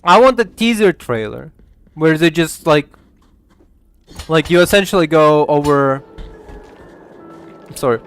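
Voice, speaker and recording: A male gaming streamer rambles through casual commentary, swearing freely and laughing often, with his sentences full of filler words. His voice sits a little high for a man. Faint game music plays underneath. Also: animated, measured pace, pauses often, fairly bright tone. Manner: rambling, profane, laughs a lot, many fillers.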